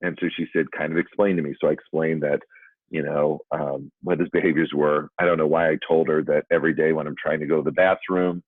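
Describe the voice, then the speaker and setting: Very low male voice, dry phone-like narrow audio, self-deprecating storyteller. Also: little pitch movement, brisk, husky, no room sound. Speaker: former school principal telling a story. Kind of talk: storytelling talk for educators.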